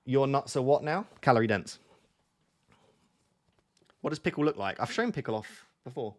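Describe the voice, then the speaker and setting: A man's voice: mid-range voice, lively intonation, normal speed. A young man hosting a livestream in casual chat, laid-back and joking, rambling with lots of fillers. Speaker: livestream host. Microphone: on a mic near the camera.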